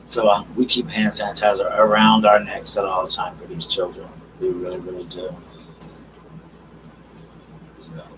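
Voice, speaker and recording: A man hosting a casual live stream, chatting warmly with viewers and calling them girl, darling and honey. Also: sits low, monotone, moderate pace, long pauses. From South Carolina. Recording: distant mic with noticeable background noise.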